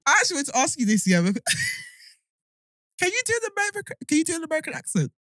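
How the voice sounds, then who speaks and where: A young British woman co-hosting a podcast, chatting casually in an animated, teasing way. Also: very high voice, no room sound, clean studio sound, soft background music. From United Kingdom. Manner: animated, teasing, quick to laugh. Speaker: podcast co-host. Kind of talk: casual chat.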